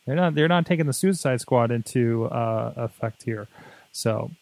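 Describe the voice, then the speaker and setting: A man's voice: medium pitch, moderate pace, creaky, a little mellow, no echo. A man co-hosting a tech podcast, chatting casually and rambling with lots of fillers and jokes. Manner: rambling, jokey, many fillers. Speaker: podcast co-host.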